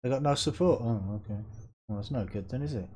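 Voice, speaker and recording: A man's voice: medium pitch, a little fast, warm tone. A man with a Birmingham accent streaming a game live, chatting casually with viewers, reading their messages aloud and laughing often. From Birmingham, England.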